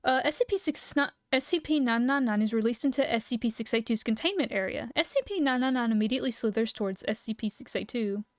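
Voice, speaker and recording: A young woman streaming live, reading lore aloud and chatting with viewers, excitable and quick to laugh. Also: a little high, no echo, clean studio sound. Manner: excitable, giggly, reacting loudly.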